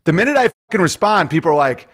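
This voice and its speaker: Animated, profane guest with a Central New York accent. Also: male voice, fairly high pitch, fast talker, husky. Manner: animated, profane, storytelling with mimicked voices. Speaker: podcast guest. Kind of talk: casual podcast chat.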